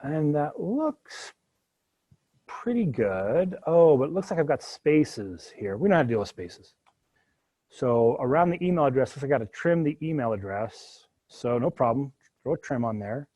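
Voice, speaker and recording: A man's voice: medium pitch, moderate pace, breathy edge. A man teaching a live spreadsheet coding lecture to his students, talking through each step with jokey asides. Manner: animated, jokey asides while working through code. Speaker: university instructor.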